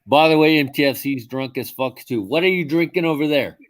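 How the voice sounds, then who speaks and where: A drunk man hosting a livestream, loud and profane, laughing with his callers. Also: fairly high pitch, fairly quick. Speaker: host. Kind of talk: livestream chat.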